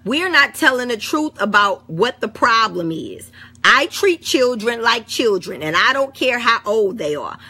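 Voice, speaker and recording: A middle-aged woman with an African American English St. Louis accent talks bluntly to camera as a vlogger, swearing freely in casual conversation. Her husky, slightly high voice is unhurried and sharp-toned, with big pitch swings.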